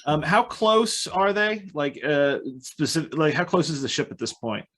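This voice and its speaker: A man with a slightly higher voice, a player at a tabletop game. He speaks haltingly, thinking aloud and filling pauses with ums and uhs. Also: big pitch swings, a bit bright.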